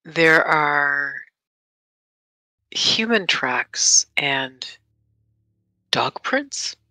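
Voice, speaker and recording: A woman's voice: deep voice, lively intonation, very slow, sharp tone, no room sound. A woman playing a tabletop game, speaking hesitantly and thinking aloud. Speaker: player.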